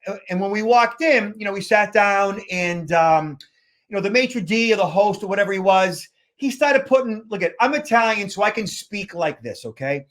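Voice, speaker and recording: A man's voice: high voice, animated, moderate pace, a bit bright. A man, co-hosting a podcast and telling a long travel story in a rambling, casual way full of fillers. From Boston area, USA. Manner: rambling anecdotes with frequent fillers. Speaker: podcast co-host, security consultant.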